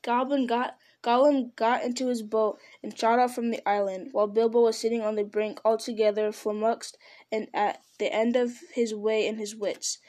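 A woman reading a fantasy storybook aloud, unhurried, with small slips and restarts. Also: fairly high pitch, little pitch movement, a little mellow. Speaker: reader.

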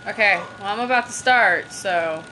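A woman playing a video game with a cousin, trash-talking loudly and then sulking in a low mumble. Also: moderate pace, slight background noise. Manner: loud, swings between yelling and mock-sulky mumbling. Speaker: podcast host playing a game. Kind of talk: casual gaming banter.

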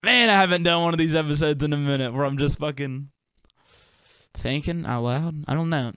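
A man's voice: on the high side, brisk, a bit bright, smooth, no room sound, clean studio sound. A young man hosting a solo podcast, musing in a loose, profane, laid-back way full of slang and fillers. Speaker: podcast host and touring performer. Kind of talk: rambling solo podcast monologue.

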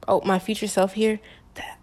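A young woman in her twenties chats straight to camera, spinning a personal story in loose, slangy speech. She talks with an animated, emphatic delivery, leaning hard on key words. Her pitch sits right in the middle of the usual range for a woman. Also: normal speed. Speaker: vlogger.

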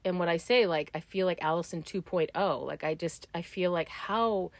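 A woman chatting casually, telling stories with many fillers and putting on animated voices for the people she quotes. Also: fairly low pitch, normal speed, no room sound. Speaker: client sharing stories. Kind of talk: casual chat.

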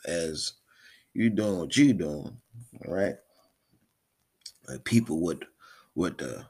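A man's voice: very deep voice, vocal fry, breathy edge. A man hosting a podcast in a casual, rambling way, often repeating his words. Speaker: podcast host.

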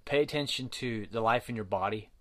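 A man's voice: lowish voice, fairly quick, fairly bright tone. A man who runs mule riding clinics, talking casually to viewers in a rambling, folksy way with many fillers and restarts. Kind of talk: casual livestream talk to viewers.

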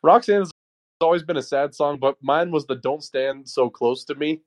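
A man's voice: a little high, normal speed. A man co-hosting a review podcast, explaining things in a loose, rambling way. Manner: rambling, restarts often. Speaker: podcast co-host. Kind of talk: casual chat.

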